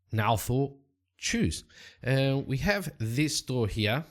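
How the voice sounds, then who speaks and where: A man narrating and playing a solo tabletop game at a desk mic, rambling and relaxed with plenty of fillers. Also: medium pitch, extremely slow. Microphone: desk microphone.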